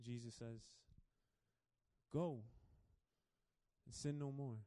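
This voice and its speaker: A man preaching a sermon as a pastor, telling the story dramatically and swinging between hushed and loud. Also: mid-range voice, steady tone, slow, clean tone.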